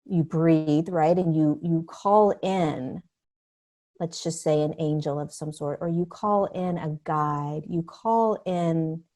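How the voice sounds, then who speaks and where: A middle-aged woman talking as a podcast guest, earnest and animated, acting out the voices of other people. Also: sits low, slow pace. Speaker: podcast guest, spiritual teacher. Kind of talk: conversational interview.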